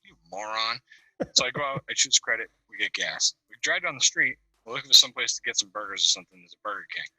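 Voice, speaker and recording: A man on a video call telling a profane, animated story with bursts of laughter. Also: medium pitch, quick pace, hardly any pauses, husky, no echo, poor audio. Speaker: caller on a video call-in panel. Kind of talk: casual storytelling.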